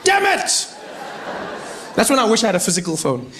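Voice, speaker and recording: Animated South African comedian, high voice. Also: male voice, very fast, noisy background. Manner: animated storytelling, acts out characters with big voice jumps. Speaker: stand-up comedian. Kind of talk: stand-up comedy set. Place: stage before a live audience.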